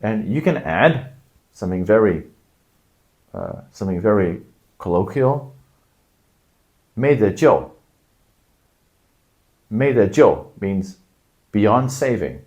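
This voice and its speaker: A middle-aged man teaching language phrases in a casual video lesson, explaining patiently and breaking out into loud acted examples. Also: fairly low pitch, big pitch swings, takes it slowly, pauses often.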